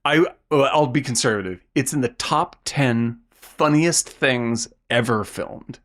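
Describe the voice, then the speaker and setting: A man co-hosting a podcast, chatting excitedly about a film, laughing often and restarting his sentences. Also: medium pitch, a little slow. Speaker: podcast co-host. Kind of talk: casual movie chat.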